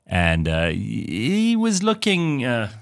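A man's voice: medium pitch, takes it slowly, gravelly, dry recording, studio quality. A man from Africa, co-hosting a radio show in casual chat and telling stories animatedly. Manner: animated storyteller, laughs, puts on voices.

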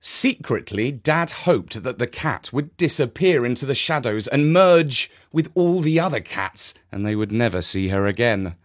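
A man narrating a children's story in a gentle, expressive way. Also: medium pitch, measured pace, few pauses.

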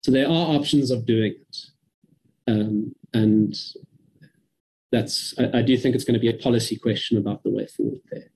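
A man from South Africa giving a measured, careful briefing to a parliamentary committee over a video call. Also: mid-range voice, mellow, breathy edge, rough recording. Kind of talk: formal briefing.

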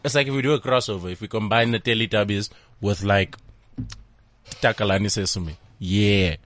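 A man co-hosting a podcast, chatting casually and jumping in with quick playful exclamations. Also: on the low side, a bit bright, slight background noise. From South Africa. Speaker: podcast co-host.

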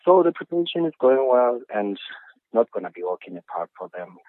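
A man's voice: medium pitch, big pitch swings, brisk, dry recording. Confident man on a tinny phone line. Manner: confident, plain-spoken. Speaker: football striker, guest. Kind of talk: phone interview.

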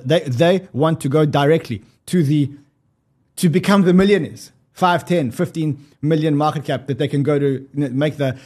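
Husky, animated male host. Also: on the high side. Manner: animated, laughing, swearing, repeating himself. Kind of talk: casual market commentary.

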